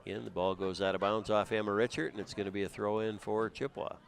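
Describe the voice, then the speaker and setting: Low-voiced man calling a soccer match. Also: fast, gravelly. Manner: steady, conversational, with frequent uh fillers. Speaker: play-by-play commentator. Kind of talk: live sports commentary. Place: outdoors at a high school soccer field. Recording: crowd noise in the background. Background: crowd noise.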